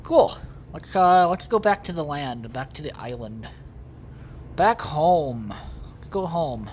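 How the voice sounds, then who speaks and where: Low-voiced, foul-mouthed woman gamer. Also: big pitch swings, slow pace, a little mellow, slight background noise. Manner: foul-mouthed, rambling, talks to viewers. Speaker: gaming video host. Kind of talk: casual let's-play commentary.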